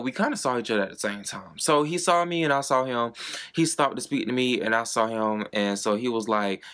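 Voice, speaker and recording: A man's voice: fairly low pitch, fairly bright tone. A young man, telling a personal story to camera in a chatty, dramatic way with plenty of swearing. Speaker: vlogger. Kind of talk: casual storytime monologue.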